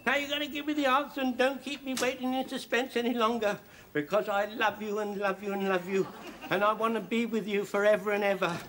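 Brief: a panicky, repetitive old shopkeeper in the home guard, high, bouncing delivery. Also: male voice, unhurried, long pauses, slight background noise. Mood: flustered. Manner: frantic, repeats himself, high and lively. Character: excitable elderly male shopkeeper soldier, fussy. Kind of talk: sitcom acting.

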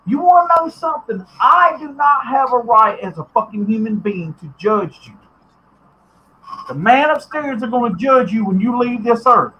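A man's voice: very high voice, animated, normal speed, pushed and bright, a little hiss or hum, low-quality recording. A man hosting a podcast, ranting bluntly and profanely, getting heated at times. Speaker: podcast host. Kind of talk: ranting commentary.

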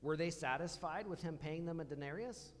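A man's voice: a little high, fairly quick, in a large hall, a little hiss or hum. A man preaching a conversational sermon in a church, asking the congregation questions as he goes. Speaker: pastor. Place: church hall.

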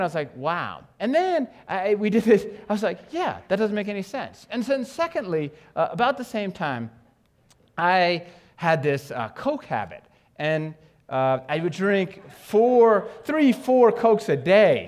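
A man from New York giving an animated conference talk on stage, joking with the audience and asking it questions. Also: high voice, unhurried. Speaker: education speaker.

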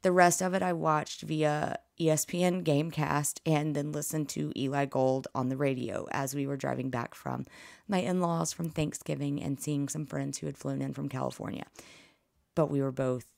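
Woman host, low and gravelly, nearly losing her voice, excitable play-by-play storyteller, dry close recording. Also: moderate pace, dry recording. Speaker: podcast host. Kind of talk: casual sports recap.

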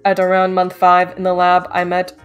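A quirky male lab rat with robot parts, rambling through a strange life story in an even, matter-of-fact voice, as a woman reads him. Faint music plays underneath. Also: on the low side, normal speed, clean tone, natural voice.

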